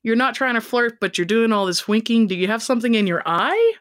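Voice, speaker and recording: A woman's voice: fairly high pitch, sing-song, fairly bright tone. A woman co-hosting a casual chat, giggly and joking while reviewing a book. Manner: giggly, quick to laugh, jokey. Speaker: podcast co-host.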